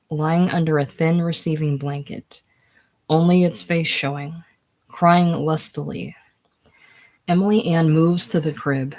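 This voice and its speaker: A reader working through a screenplay's stage directions in a casual, unhurried way. The delivery stays plain and sits at a middling pitch. Now and then it sinks into a whisper. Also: a little mellow.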